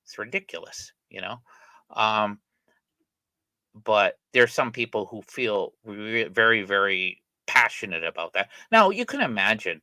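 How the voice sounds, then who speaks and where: Middle-aged male host, low and forceful voice, dry close sound, rambling casual commentary full of ums and restarts. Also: sing-song, measured pace, no echo, rough recording. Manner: rambling and discursive, with frequent fillers and self-corrections. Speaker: channel host discussing an article. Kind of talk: casual spoken commentary on a reading.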